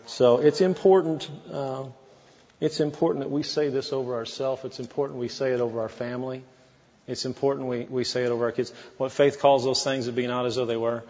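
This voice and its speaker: A man's voice: mid-range voice, fairly even intonation, brisk, darkish tone, long reverb tail, highs cut off. A man preaching a sermon as pastor, in a folksy, conversational way with asides to the congregation.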